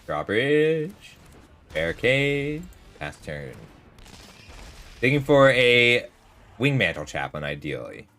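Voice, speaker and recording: Bright, lively man streaming a card game. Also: mid-range voice, slow, vocal fry, long pauses. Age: 30s. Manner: rambling, chatty, talks to chat while playing. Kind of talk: casual gameplay commentary with storytelling.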